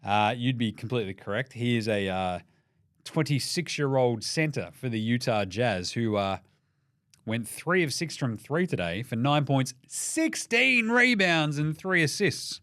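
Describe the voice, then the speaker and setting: Speaking a little slowly in an animated, fairly bright mid-range voice, a young Australian NBA podcast host jokes and swears his way through the day's results. The recording is dry and studio-clean, the tone casual and irreverent.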